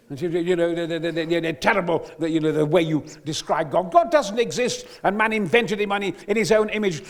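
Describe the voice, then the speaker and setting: On stage at a live event, an older male guest actor tells a long anecdote with exuberant, theatrical flair, breaking into sudden booming outbursts.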